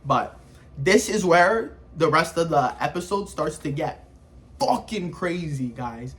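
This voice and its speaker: A man giving casual anime review commentary, animated and slangy, full of sound effects. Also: fairly high pitch, takes it slowly, slight background noise.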